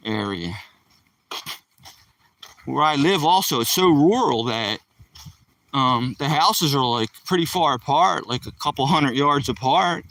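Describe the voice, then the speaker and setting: A man's voice: medium pitch, fairly bright tone, no room sound, recorded from a distance, poor audio. Chatty man rambling on a dirt road walk. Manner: chatty, loose, talks to viewers in the chat. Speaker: vlogger live streaming a dog walk. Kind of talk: casual rambling live-stream chat. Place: outdoors on a rural dirt road.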